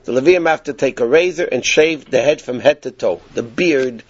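A man teaching a Torah class, telling the story in a lively, animated way, with frequent restarts. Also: mid-range voice, moderate pace, husky, dull audio.

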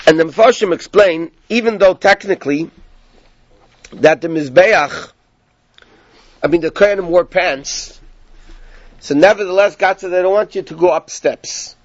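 High-voiced man teaching Torah. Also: moderate pace, pauses often, dull audio. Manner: animated, rhetorical questions. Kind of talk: Torah class, storytelling.

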